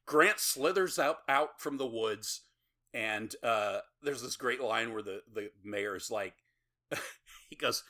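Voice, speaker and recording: Bright-voiced man recapping a horror movie. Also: medium pitch, slow. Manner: laughing, swearing, retelling scenes with quoted voices. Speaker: podcast host. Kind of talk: casual movie recap chat.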